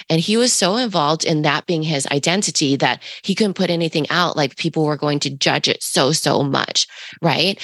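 A woman with a raspy voice, co-hosting a podcast, talking in a rambling, coaching way with many fillers. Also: low-pitched, fairly bright tone, no echo. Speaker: podcast co-host. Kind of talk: casual podcast monologue.

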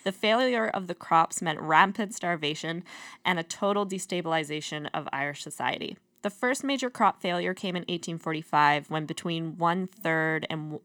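A woman's voice: lowish voice, moderate pace, dry recording. Young woman explaining history, dry. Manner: explains from notes, laughs often, drops her voice for dark points. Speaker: podcast co-host. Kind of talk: history podcast chat.

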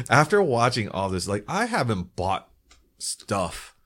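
A man hosting a casual car-club podcast, telling stories animatedly and signing off the show. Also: mid-range voice. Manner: animated storyteller, quick asides with laughs. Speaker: podcast host. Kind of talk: casual chat.

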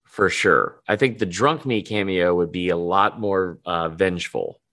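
A man's voice: sits low, measured pace, fairly bright tone. A man co-hosting a podcast, rambling and swearing with plenty of filler words. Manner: rambling, profane, lots of "like" fillers. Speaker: podcast co-host. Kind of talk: casual podcast chat.

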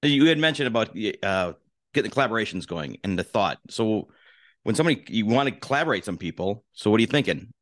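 A man's voice: fairly low pitch, expressive, fast talker. A man co-hosting a casual podcast, chiming in with short reactions and easygoing questions. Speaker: podcast co-host.

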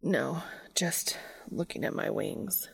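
A woman voicing an earnest, soft-spoken male angel who talks quietly and sometimes whispers. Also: on the low side, expressive, unhurried, gravelly, breathy edge, exaggerated voice. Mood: tender.

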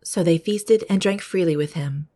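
A woman podcast host reading scripture aloud in a steady, measured way. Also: lowish voice.

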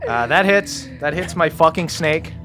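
Guy running a tabletop game, bright tense voice, cracks up a lot, music under it. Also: on the high side, lively intonation, a little slow. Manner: laughs often, swears casually. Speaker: game master. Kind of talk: narrating a tabletop game with friends.

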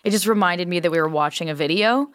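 A woman's voice: on the low side, fast, no echo. A woman co-hosting a podcast, chatting candidly and wryly with lots of fillers. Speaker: podcast co-host. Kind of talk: casual chat reviewing videos.

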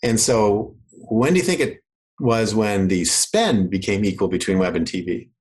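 A man's voice: fairly low pitch, moderate pace, breathy edge, rough recording. A man from Canada with a faded Canadian accent, explaining marketing in a casual chat and acting out quoted voices. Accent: Canadian, mostly faded. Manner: animated, acts out quoted voices in his explanations.

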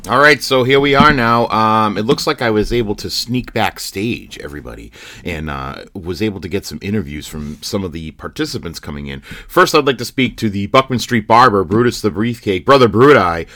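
A man's voice: on the low side, lively intonation, brisk, bright, forceful tone. A man hosting a wrestling podcast, playfully staging interviews, hesitant and full of fillers. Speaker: podcast host. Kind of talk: playful scripted bit with interviews.

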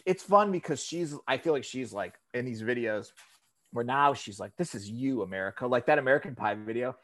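Male podcast co-host, mid pitch, animated and profane, slips into mocking voices for quotes. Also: moderate pace. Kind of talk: casual chat.

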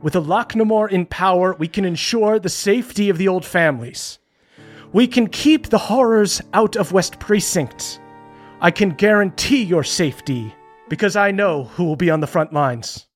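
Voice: mid-range voice, expressive, moderate pace, soft background music, voice pushed up, close to an everyday voice. A game master voicing a pompous aristocratic male politician who makes grandiose speeches.

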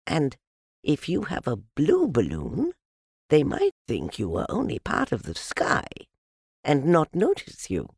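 A man doing a husky, musing Winnie the Pooh. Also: fairly high pitch, huge pitch swings, a little mellow, no echo, clean studio sound, voice pushed up, heavily acted. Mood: earnest musing. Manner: earnest, musing, drawn-out phrasing. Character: gentle, slow-witted teddy bear, male. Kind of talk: storybook reading.

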